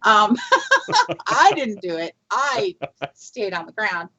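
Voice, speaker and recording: A woman's voice: mid-range voice, big pitch swings, slow pace, bright, forceful tone. A woman guest telling a Bigfoot research story in a rambling, chatty way, with fillers and laughs. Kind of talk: casual storytelling in a podcast interview. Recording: lo-fi muffled audio.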